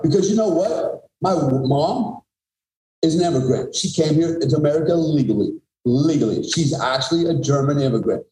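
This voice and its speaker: Here the same kind of speaker, a middle-aged ex-special forces soldier on a podcast, recounts events in a blunt, profane, emphatic manner. His voice sits on the high side and sounds mellow, captured with a roomy echo in this conversational storytelling.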